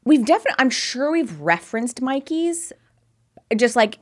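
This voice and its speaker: A young adult woman co-hosting a casual podcast, enthusiastic and quick to chime in with agreement. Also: sits high, big pitch swings, darkish tone. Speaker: podcast co-host. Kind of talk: casual chat.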